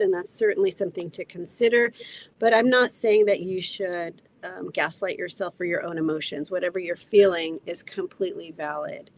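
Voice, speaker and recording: A woman therapist talking gently and thoughtfully in a casual podcast conversation, with frequent pauses and fillers. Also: lowish voice. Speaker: therapist guest.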